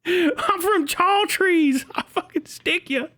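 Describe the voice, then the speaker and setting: A man voicing a crude, unhinged male Marine recruit from a desert town who makes threats in a strained high voice. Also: takes it slowly, sharp tone, exaggerated voice. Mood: hostile.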